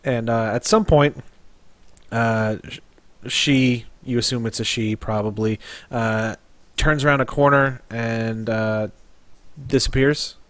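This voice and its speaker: A man's voice: medium pitch, steady tone, fairly bright tone, no echo. Man as game master, dry sound. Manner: loose, halting scene descriptions. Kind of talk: narrating a tabletop game.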